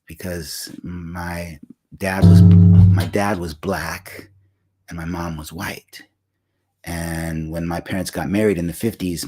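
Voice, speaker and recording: A man in his sixties shares a personal memory in a slow, reflective way, often pausing and starting over. His voice sits low and has a husky edge. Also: a little mellow. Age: 60s. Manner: reflective, unhurried, with frequent fillers and restarts. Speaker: singer-songwriter hosting a livestream. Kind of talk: personal storytelling.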